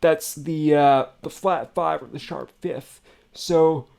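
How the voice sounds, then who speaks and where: A man hosting a casual music reaction, talking in an excitable rush full of fillers and swearing. His voice sits a touch high and has a gravelly edge. He rambles as he explains what he hears. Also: takes it slowly.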